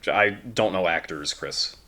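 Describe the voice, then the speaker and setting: American guy, young, podcast co-host; relaxed, joking, lowish voice. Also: measured pace. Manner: relaxed, joking, mock impressions of characters. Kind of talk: casual chat.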